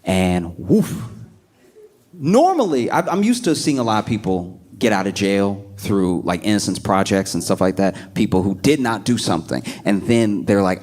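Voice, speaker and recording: A man doing stand-up comedy, telling a story in an animated way and jumping into put-on voices. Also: moderate pace. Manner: animated, jumps into high put-on voices, laughs a lot.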